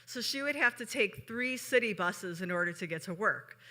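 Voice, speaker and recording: A woman's voice: mid-range voice, expressive, normal speed, pushed and bright. A woman from Chicago telling a personal story on stage in a chatty way, with frequent asides to the audience. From Chicago, USA. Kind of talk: live storytelling.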